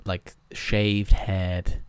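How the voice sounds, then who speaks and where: A young Irish man telling stories as a podcast guest, animated and acting out other people's lines. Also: sits low, very slow, clean tone, no room sound. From Ireland. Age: young adult. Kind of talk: casual storytelling.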